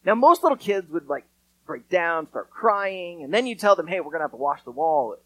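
A man preaching a sermon in a casual, conversational way, acting out quotes with lively storytelling. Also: a little high, normal speed, no room sound, poor audio. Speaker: pastor.

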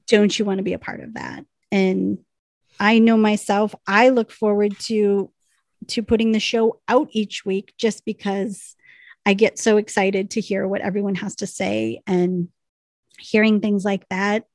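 A woman co-hosting a podcast, reading listener messages in casual chat, emotional and quick to laugh. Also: medium pitch, flat delivery, darkish tone, no echo. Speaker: podcast co-host.

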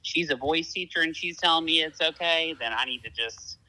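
Bright-voiced Southern man hosting a chat. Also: a little high, poor audio. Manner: chatty, self-deprecating, quick asides. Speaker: podcast host. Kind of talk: casual chat.

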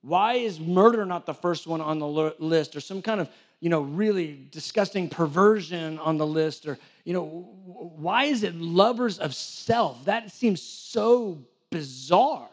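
A man's voice: on the high side, animated, a little slow, hardly any pauses. A man preaching a sermon in a conversational way, acting out little back-and-forth dialogues and often restarting his sentences. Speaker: church director preaching.

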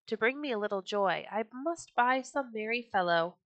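A woman's voice: a little high, lively intonation, moderate pace, fairly bright tone, no echo, muffled recording. A woman voicing a sad, complaining traveling puppet-show man in a storybook reading. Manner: mournful and complaining.

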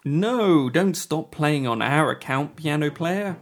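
A man's voice: a little high, expressive, takes it slowly, hardly any pauses. A man hosting a podcast, joking and punning in a mock-grand way. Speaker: podcast host. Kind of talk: jokey podcast banter.

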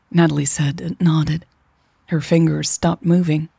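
A woman narrating a serialized romance story in a soft, unhurried reading voice. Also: low voice, flat delivery, vocal fry, husky, no echo. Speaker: podcast storyteller.

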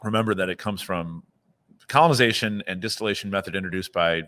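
A man's voice: low voice, quick pace, a bit bright. A man co-hosting a casual podcast, enthusiastic and rambling with many restarts. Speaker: podcast co-host. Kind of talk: casual podcast chat about rum history.

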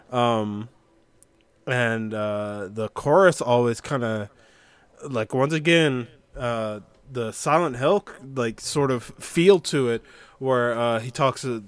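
Podcast cohost guy, smooth clear voice, keeps restarting his sentences. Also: mid-range voice, dry recording. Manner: rambling, many fillers and restarts. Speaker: podcast co-host. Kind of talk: casual chat about music.

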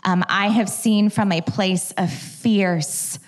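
A woman teaching at a church, telling prayer stories in an animated way and acting out her own dialogue. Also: medium pitch, slow pace.

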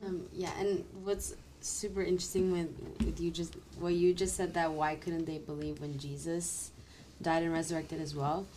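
A woman's voice: fairly low pitch, a little mellow, slight background noise. A woman in a group Bible study building on what others said, with some fillers. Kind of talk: casual group discussion.

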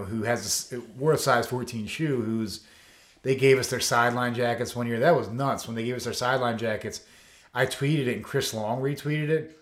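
Brief: male guest, coach, mid-pitch, spins rambling anecdotes with loads of fillers and acts out the quotes, echoey room. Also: fairly bright tone. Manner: loose and rambling, full of "you know" and "like", acts out quotes. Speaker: coach and foster dad, interview guest. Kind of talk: casual storytelling in a podcast interview. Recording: roomy echo.

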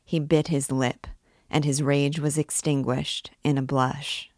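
A woman reads a classic novel aloud, guiding listeners through it. Her voice sits low and her telling is clear and even. The recording is close and dry, with no echo. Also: unhurried. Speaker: book reader and guide.

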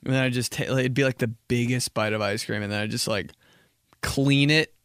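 With a brisk, steady delivery, this young podcast host rambles and jokes through a casual solo show, using "like" constantly. His mid-range voice is fairly bright, clear and resonant, and the studio recording is dry and clean.

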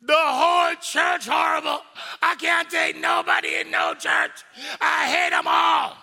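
A pastor playing an offended churchgoer who is quitting church, ranting loudly and indignantly. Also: male voice, extremely high pitch, little pitch movement, measured pace, vocal fry, some chatter behind, pitched above the performer's own voice, full character voice. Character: hurt churchgoer man quitting church in a loud huff. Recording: long reverb in a large sanctuary.

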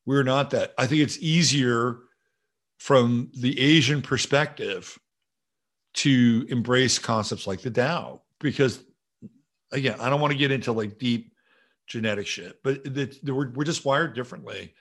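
A man's voice: medium pitch, a little slow, fairly bright tone. Rambling, profane male livestream host. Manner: rambling, casual and profane, musing aloud. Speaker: show host. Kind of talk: livestream talk reading viewer comments.

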